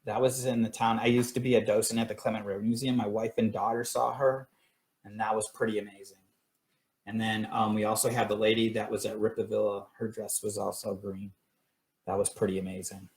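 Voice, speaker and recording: A man's voice: lowish voice, darkish tone, slight background noise. A middle-aged man telling his paranormal stories casually on a live stream, rambling with many fillers and restarts. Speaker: paranormal investigator sharing stories.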